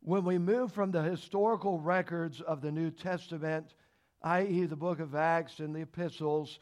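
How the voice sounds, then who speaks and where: A man's voice: fairly even intonation, normal speed, darkish tone. Emphatic man teaching a Bible lesson. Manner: emphatic, rises in pitch and volume when stressing points; folksy, with frequent fillers and rhetorical questions. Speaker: Sunday school teacher.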